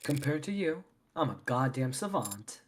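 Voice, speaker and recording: A man's voice: mid-range voice, sing-song, normal speed, a little hiss or hum, natural voice. A man voicing an impatient, sardonic male detective in a live fan voice acting of a visual novel, with blunt, swearing delivery. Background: game music.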